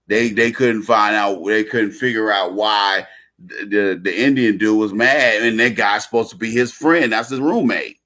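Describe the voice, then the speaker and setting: A man's voice: on the low side, moderate pace, sharp tone. A man delivering a casual monologue rant, blunt and slangy, repeating himself and restarting phrases.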